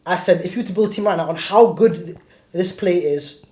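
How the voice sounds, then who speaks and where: A man's voice: sits high, brisk, mellow. A man hosting a football podcast, reading out poll results and keeping his co-hosts in line. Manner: bossy, reins in the others. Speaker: podcast host. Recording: roomy echo.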